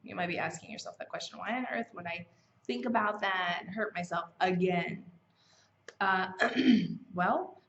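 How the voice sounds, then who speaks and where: A woman hosting a self-help challenge, talking in a casual, conversational way with fillers and self-corrections. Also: on the low side. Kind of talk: casual motivational teaching. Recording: slightly dull, lo-fi sound.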